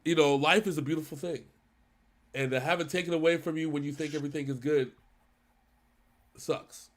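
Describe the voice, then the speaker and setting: A man with a fairly high speaking voice talks through something heavy in a casual, emotional way. He stops and restarts his sentences often, earnest and unpolished. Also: fairly even intonation. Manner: earnest, halting, with many restarts. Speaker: reaction channel co-host.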